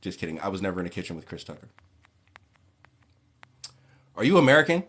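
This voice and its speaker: A man hosting a casual livestream Q&A who reads viewers' questions aloud and answers in a relaxed, plain way. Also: low-pitched, a little fast, slightly rough. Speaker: occult livestream host.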